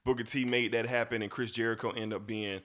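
A man's voice: mid-range voice, fast. A man hosting a sports talk show, chatting casually and easily, often repeating words as he goes. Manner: relaxed, repeats words, slangy. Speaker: sports podcast host.

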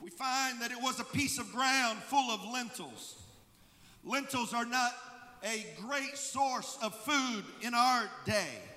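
High bright-voiced male pastor preaching, church hall reverb. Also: takes it slowly, a little hiss or hum. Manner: preaching, building to shouted emphasis. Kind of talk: sermon. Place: church sanctuary.

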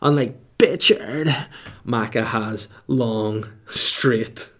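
A man's voice: medium pitch, drawn-out words, fairly bright tone. Rambling, laughing man telling a story. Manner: rambling, laughing, swears freely. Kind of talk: comedic storytelling.

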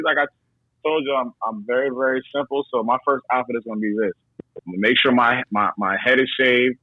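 A man's voice: medium pitch, no echo, narrow, tinny audio. A man talking casually as a podcast guest, laid-back and slangy, often repeating himself as he works out what to say.

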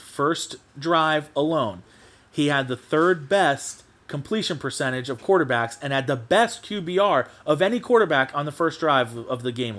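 A man's voice: a little high, a bit bright. A man hosting his own sports podcast, ranting animatedly and swearing casually in a solo monologue. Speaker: podcast host.

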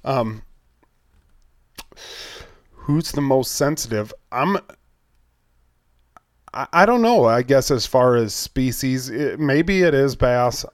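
A man's voice: mid-range voice, animated, takes it slowly, long pauses, no room sound, clean studio sound. A man co-hosting a fishing podcast, talking casually and making his point with hypotheticals and repeated lists. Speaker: podcast co-host. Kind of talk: casual chat.

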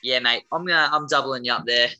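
Bright-voiced, blunt Australian man. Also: mid-range voice, fast talker, no room sound, poor audio. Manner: blunt and opinionated. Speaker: co-host giving racing tips. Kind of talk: casual chat.

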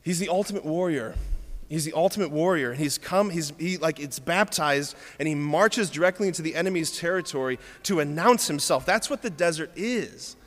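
A man preaching a sermon, telling stories with lively, playful asides to the congregation. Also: a little high, a little fast, few pauses, big-room sound.

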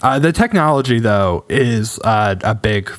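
A man talks easily on a podcast, adding details to a TV recap. His voice sits in a medium pitch. The recording is dry and close. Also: animated, a little slow, dry recording. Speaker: podcast co-host. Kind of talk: casual chat recapping a TV episode.

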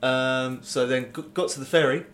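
A man's voice: medium pitch, steady tone, normal speed, fairly bright tone. Rambling man telling a story. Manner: rambling, sweary, laughing storyteller. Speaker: podcast co-host. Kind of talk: casual chat, telling a story. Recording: echoey room with faint noise.

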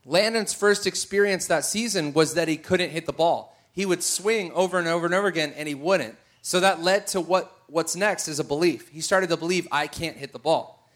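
A middle-aged man preaches, weaving a family story into his sermon. His voice sits a bit high, and he swings from quiet asides to excited shouts at the big moments. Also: a little fast, hardly any pauses. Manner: animated storyteller, shouts at peaks.

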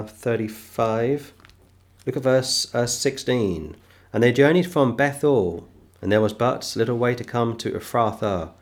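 A man teaching a Bible sermon, reading King James verses slowly and repeating phrases for emphasis. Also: medium pitch. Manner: reads scripture slowly, then comments with emphatic repetition. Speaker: preacher.

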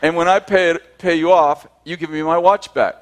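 A man's voice: a little high, fairly even intonation, normal speed. A man telling a personal story to a group, acting out both sides of the conversations and often laughing as he speaks.

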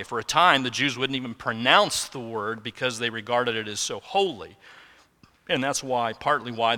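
A man preaching a sermon in earnest, building to emphatic peaks and then dropping low and slow. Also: sharp tone, big-room sound. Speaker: pastor.

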